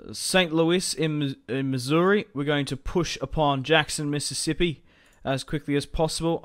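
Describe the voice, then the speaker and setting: A young man talks his way through a strategy game in a casual, rambling way. His voice is smooth and clear at an everyday middle pitch. He sounds like he is at a desk mic in a room at home. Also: fairly bright tone. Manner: chatty, rambling, laughs often. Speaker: gaming commentator.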